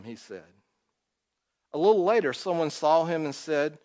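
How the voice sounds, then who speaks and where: A man preaching a sermon, telling the story dramatically and swinging from loud to quiet. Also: on the high side, sing-song, normal speed, long pauses. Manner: storytelling, acts out quotes, rises and drops in volume. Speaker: pastor. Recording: long hall reverb.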